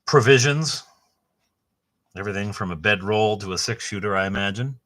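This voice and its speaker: A middle-aged man hosting a casual book unboxing, rambling and enthusiastic, with a halting way of talking. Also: on the low side, a bit bright. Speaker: host.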